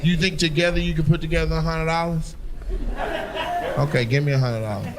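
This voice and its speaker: Man, stand-up comedian, brash crowd work, high-ish voice, live club with audience noise. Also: fairly even intonation, fairly quick. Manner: brash, teasing, profane. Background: audience laughter.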